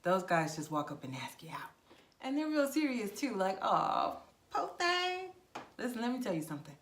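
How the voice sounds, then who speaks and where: A woman talks straight to the camera as a travel vlogger. She is frank and direct, with an animated, conversational delivery. Her voice sits in an ordinary middle pitch. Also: quick pace, slight background noise. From United States. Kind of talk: casual advice monologue.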